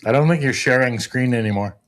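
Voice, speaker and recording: A man talking over a video call with a middle-pitched voice. He is careful and analytical, and he stumbles a little as he begins his points. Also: quick pace. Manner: careful, analytical, hesitant starts. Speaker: paranormal investigator. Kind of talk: casual chat on a video call.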